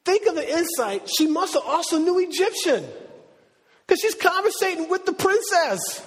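A middle-aged man preaching a sermon in a lively, conversational way with slang. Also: very high voice, normal speed. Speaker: pastor. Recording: long reverb of a large hall.

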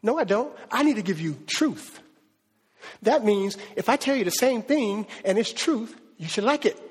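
A male pastor preaching a sermon in a lively, conversational, slangy way. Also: sits high, moderate pace, breathy edge, long reverb tail.

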